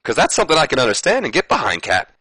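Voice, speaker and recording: A man voicing a boastful aging male wrestler in a gameplay retelling, excited and stammering. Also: medium pitch, racing, breathy edge, dry recording, voice pushed up, full character voice, low-quality recording. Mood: flustered.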